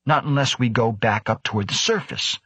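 Guy reading as a panicky crewman, insistent, husky and dry. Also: mid-range voice, a little fast, pushed and bright, no room sound. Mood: frantic. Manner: frantic, insistent. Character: anxious male life-support officer.

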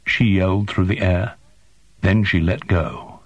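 A man narrating a science fiction audiobook in a measured, descriptive reading. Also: low voice, steady tone, dry recording. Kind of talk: scripted narration.

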